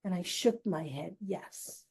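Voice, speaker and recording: The host, a middle-aged woman, shares a personal story on her own show with slow, earnest confidence. Her voice is on the high side, mellow, with lively intonation.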